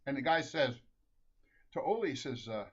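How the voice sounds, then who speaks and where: A man from Minnesota telling jokes, chuckling through them with a lively, fairly high voice. The recording is dull and lo-fi. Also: husky. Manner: chuckles often, halting restarts. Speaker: storyteller. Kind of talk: comic joke telling.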